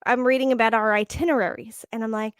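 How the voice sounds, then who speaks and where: A woman's voice: a little high, fairly even intonation, quick pace, smooth, dry recording, clean studio sound. A woman co-hosting a casual podcast chat, telling a story animatedly and laughing often. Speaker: podcast co-host.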